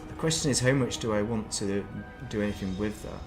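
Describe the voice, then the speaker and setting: A man's voice: fairly low pitch, brisk, music in the background. A man chatting casually while playing a game on stream, rambling between topics with self-deprecating asides at his desk mic. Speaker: gaming streamer.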